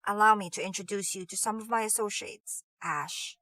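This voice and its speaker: A woman voicing a cool, menacing young gang leader who speaks low and mocking. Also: moderate pace, bright, forceful tone, dry recording, lightly acted.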